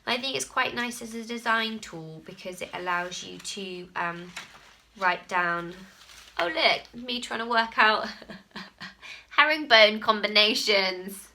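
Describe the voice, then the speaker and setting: A woman's voice: medium pitch, lively intonation, slow, bright, forceful tone, a little hiss or hum. A woman hosting a crafting podcast at home, talking casually and laughing at herself now and then. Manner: chatty and self-deprecating, laughs at herself often. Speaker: podcast host. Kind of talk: casual chat.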